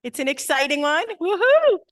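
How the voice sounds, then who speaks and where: A woman's voice: on the high side, fairly even intonation, moderate pace, fairly bright tone, clean tone. A woman opening an annual congregation meeting with chatty, enthusiastic welcoming remarks. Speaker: meeting presenter.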